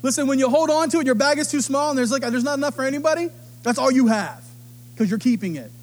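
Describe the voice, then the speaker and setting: A middle-aged man preaching a sermon, telling stories with animated delivery and acting out the voices of others. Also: extremely high pitch, fast. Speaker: pastor.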